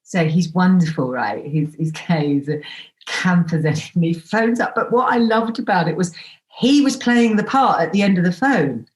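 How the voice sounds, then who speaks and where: A woman telling dating stories as a podcast guest, animated and theatrical, acting out the dialogue. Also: on the low side, normal speed. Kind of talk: anecdotal storytelling. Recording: roomy echo.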